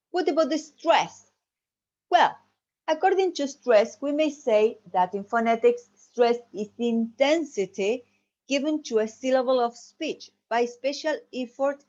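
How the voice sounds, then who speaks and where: Woman student presenter, non-native, halting and self-correcting, slow delivery. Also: fairly high pitch, darkish tone. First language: Spanish. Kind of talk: recorded class presentation. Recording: dull lo-fi audio.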